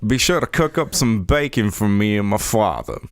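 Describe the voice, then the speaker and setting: A polite, smooth young rogue talks his way around in a put-on drawl, voiced by a player in a tabletop game. The voice is very deep. The sound is dry and close. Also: expressive, normal speed, dry recording, lightly acted. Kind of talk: tabletop role-play.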